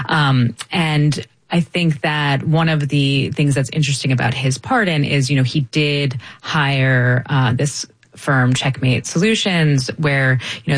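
A reporter on a news panel explaining quickly, using many fillers. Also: medium pitch, dry recording. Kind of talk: panel discussion.

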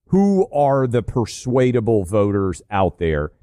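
A man hosting a call-in talk radio show, cutting in with quick, probing questions. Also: lowish voice, big pitch swings, warm tone, no room sound, clean studio sound.

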